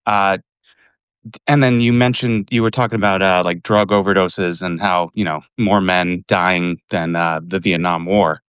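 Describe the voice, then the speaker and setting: Male caller, rambling and halting; low, smooth voice. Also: little pitch movement, fairly bright tone, no echo. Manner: rambling with many restarts and fillers. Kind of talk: casual call-in chat.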